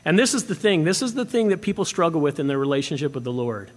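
A man preaching a sermon in a church sanctuary, his voice pitched a little high. He speaks with emphasis and keeps asking the congregation questions, and a long reverb trails each phrase. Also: sing-song, fast. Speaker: pastor.

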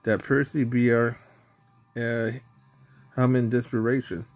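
A man's voice: mid-range voice, little pitch movement, a little slow, soft background music, close to an everyday voice. Man doing a pompous big engine. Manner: grumbling, self-important.

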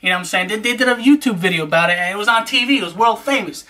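A man giving casual vlog shout-outs in a hyped, joking, streetwise patter, repeating "you know what I'm saying". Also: high voice, very fast.

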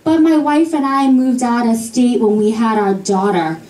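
A woman's voice: fairly high pitch, moderate pace, dark tone, lightly acted. Woman doing a smug sing-song man. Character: smug middle-aged man, condescending and snobbish. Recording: echoey club from far off.

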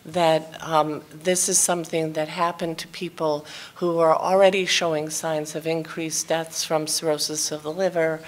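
A woman's voice: low-pitched, level tone, moderate pace, hardly any pauses. A woman speaking in an academic panel discussion, earnest and restarting her sentences often. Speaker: seminar speaker.

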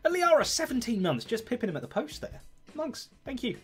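A man's voice: extremely high pitch, wildly swooping pitch, brisk, faint music behind. A man co-hosting a casual game livestream, joking around while he sorts out the audio levels. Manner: jokey, fiddling with audio levels. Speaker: co-host streamer.

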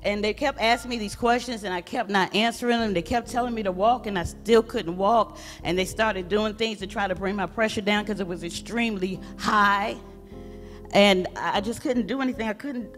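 A woman giving an animated sermon testimony as a guest speaker, calling out and exclaiming. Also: medium pitch, normal speed, in a large hall, soft background music.

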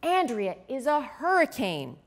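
A woman's voice: high voice, wildly swooping pitch, a little slow, voice pushed up, heavily acted. A woman voicing a serious female frog forecaster reading weather numbers in a storybook. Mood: informative.

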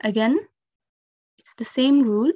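A woman's voice: a little high, unhurried, dark tone, dry recording, highs cut off. A woman teaching recitation rules, explaining each step patiently and carefully with frequent 'um' and 'okay'. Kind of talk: instructional lesson.

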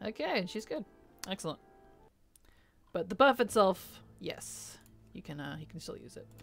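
A young adult woman chats easily through a game stream, her voice sitting at an everyday middle pitch. She reads out messages, answers at length and laughs along the way, with soft music underneath. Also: very animated, moderate pace, creaky. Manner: chatty, reads chat aloud and answers, laughs often. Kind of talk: casual live-stream chat while gaming.

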